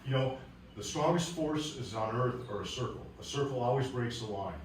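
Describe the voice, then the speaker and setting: A man with a Southern US accent teaching a martial arts class, explaining calmly and barking loud counts. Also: mid-range voice, normal speed, slight background noise. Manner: calm explaining, with loud barked commands. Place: large echoey training hall. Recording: echoey hall, voice from far off.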